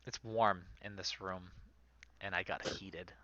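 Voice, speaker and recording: A man narrating as game master in an animated, lively storytelling manner. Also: sits low, slow pace, lo-fi sound.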